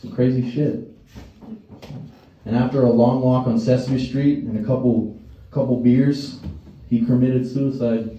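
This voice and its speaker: A man's voice: mid-range voice, fairly even intonation, a little slow, pauses often, warm tone, lo-fi sound. A male stand-up comedian doing a crude, rambling set and laughing at his own jokes. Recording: echoey room, distant mic, faint noise.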